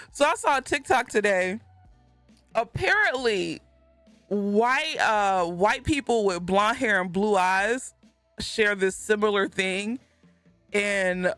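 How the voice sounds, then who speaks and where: Lively woman streamer, slow animated talk. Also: mid-range voice, no room sound. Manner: animated, laughs a lot, banters with chat. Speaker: gaming streamer. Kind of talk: casual live-stream chat.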